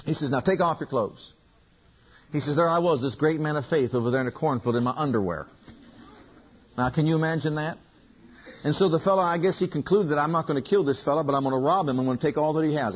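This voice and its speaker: A man's voice: fairly high pitch, fast, slightly rough. A man preaching a sermon, telling a story with acted-out dialogue and emphatic repetition. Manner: emphatic, repeats lines, acts out dialogue. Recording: dull lo-fi recording.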